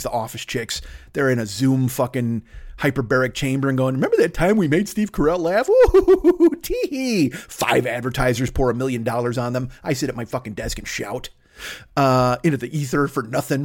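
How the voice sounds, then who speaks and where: A man hosting a solo comedy podcast from his home desk, rambling and self-deprecating, swearing constantly. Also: medium pitch. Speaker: podcast host.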